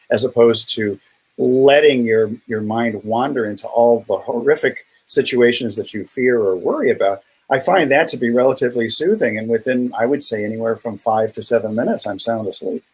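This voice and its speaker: A man's voice: mid-range voice, husky, poor audio. A middle-aged man co-hosting a casual live health chat, easygoing and joking, reading out viewer comments. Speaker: co-host, doctor.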